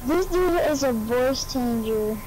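A young person teasing a streamer over game voice chat in a blunt, joking way. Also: female voice, high-pitched, expressive, slow pace, darkish tone, rough recording. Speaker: random teammate.

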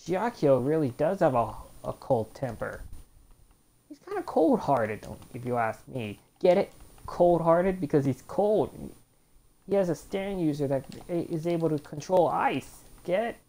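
A woman with a deep, warm voice gives casual let's-play commentary on a fighting game. She talks in a chatty way and reads move descriptions aloud. She groans when a round goes badly. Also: sing-song, a little slow. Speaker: gameplay commentator.

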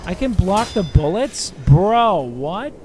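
A young man chatting casually on a game stream, rambling and swearing, with sudden excited outbursts. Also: a little high, normal speed, music in the background. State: sleepy. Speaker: livestreamer. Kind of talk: casual gaming stream chat.

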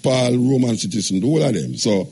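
A Jamaican man hosts a late-night call-in radio show, chatting loosely in patois and joking with callers. His voice is husky, at an ordinary pitch for a man. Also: fast talker. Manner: relaxed, joking, speaks in patois. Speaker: radio talk show host. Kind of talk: casual call-in radio talk.

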